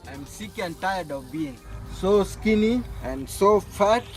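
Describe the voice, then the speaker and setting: A man's voice: high voice, animated, takes it slowly, a little mellow, soft background music. A man in a comedy skit, joking and boastful. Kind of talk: comedy sketch.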